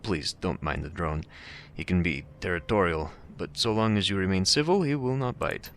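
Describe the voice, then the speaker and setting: A man voicing a pleasant, cultured man in a game, using a put-on Russian accent and a smooth, courteous manner. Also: low-pitched, moderate pace, fairly bright tone, slight background noise.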